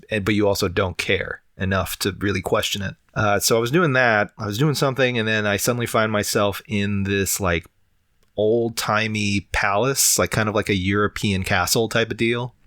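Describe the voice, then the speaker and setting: Rambling feverish podcast guy, bright tone. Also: fairly low pitch, moderate pace, dry recording, clean studio sound. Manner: rambling, long-winded, swears casually. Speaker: podcast co-host. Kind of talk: casual chat.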